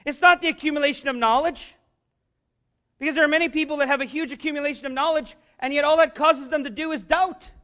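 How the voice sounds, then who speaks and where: A man preaching a sermon, earnest and conversational, rising to shouts on key lines. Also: very high-pitched, quick pace. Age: adult, father of young children. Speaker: pastor.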